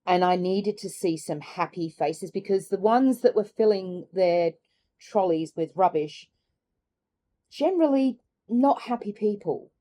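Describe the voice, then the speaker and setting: A middle-aged woman chatting candidly in a personal vlog, musing aloud and laughing softly between thoughts. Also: mid-range voice, animated, a little slow. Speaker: carnivore diet vlogger. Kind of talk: reflective personal vlog chat.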